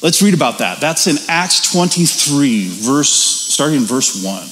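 A man teaching a Bible study in a conversational, animated way, reading scripture and asking rhetorical questions. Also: on the high side, measured pace. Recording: reverberant room with faint hiss.

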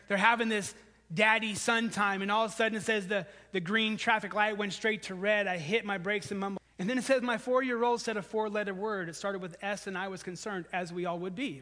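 High-voiced preaching man in a reverberant hall. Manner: conversational preaching, rising for emphasis then dropping low and soft. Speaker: pastor. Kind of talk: sermon.

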